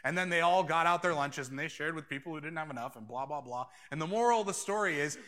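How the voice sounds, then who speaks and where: A man's voice: a little high, fast, few pauses, bright, forceful tone. A male pastor preaching a sermon in a conversational way, slipping into quoted voices as he tells the story.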